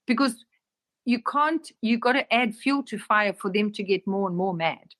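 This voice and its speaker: A woman teaching in a casual spiritual talk, her voice sitting on the higher side. She talks animatedly and slips into acted-out dialogue with a raised voice. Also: moderate pace, fairly bright tone.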